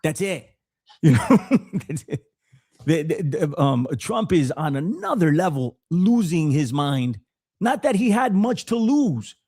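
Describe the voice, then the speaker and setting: A man hosting a podcast, giving casual political commentary in an animated way with frequent stammered restarts. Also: fairly high pitch, unhurried, husky, no room sound, clean studio sound. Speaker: podcast host.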